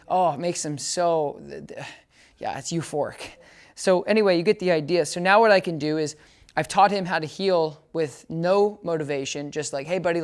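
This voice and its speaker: A woman's voice: low-pitched, clean tone. A woman dog trainer giving a hands-on lesson in a casual, chatty way, often checking that her listener follows and breaking into short upbeat praise commands for the dog. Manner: casual explainer, keeps checking "does that make sense?".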